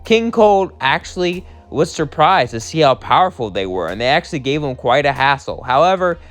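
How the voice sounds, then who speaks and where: A man's voice: fairly high pitch, sing-song, moderate pace, soft background music. Chatty young man narrating a fan story. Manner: casual, chatty, often quiet.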